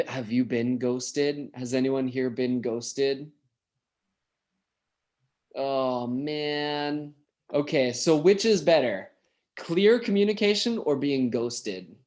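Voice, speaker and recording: A man leads an English lesson at an unhurried pace. He keeps drawing his students in with questions and gentle encouragement, and his pitch sits in the middle range. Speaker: English teacher. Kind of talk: online class teaching.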